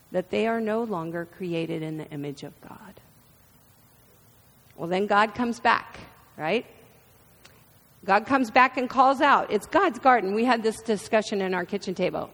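A woman in her fifties preaching a sermon, expressive and storytelling. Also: mid-range voice. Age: 50s. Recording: reverberant hall.

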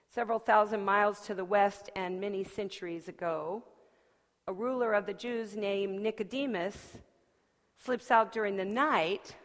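A woman preacher giving a sermon, telling a story expressively, her delivery moving between soft and lively. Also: medium pitch. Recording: long hall reverb.

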